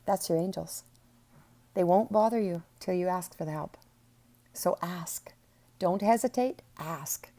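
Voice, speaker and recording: A woman's voice: on the low side, a little slow, pauses often, dark tone. A woman teaching a spiritual webinar, talking to the viewer in a soothing, earnest and emphatic way.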